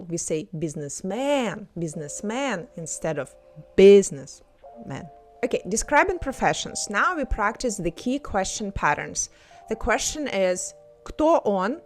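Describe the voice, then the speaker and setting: Slow, patient woman teaching vocabulary. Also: mid-range voice, a bit bright. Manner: repeats each word slowly for learners to imitate. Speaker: language teacher. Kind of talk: slow, clear language lesson with repetition.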